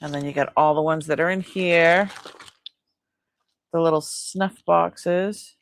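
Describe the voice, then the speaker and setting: Low and steady, a tired woman speaks slowly over a faint hiss or hum, yawning now and then. She hosts a casual live-stream unboxing as part of a live antiques sale, chatting, rambling about her items, and laughing often.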